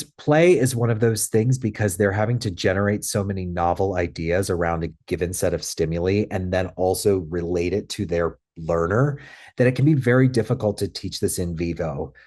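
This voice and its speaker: A man's voice: deep voice, normal speed. A man teaching a webinar as a clinical trainer, talking conversationally with many fillers and tag questions. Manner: acts out playful lines in a bright fun voice. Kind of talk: webinar lecture.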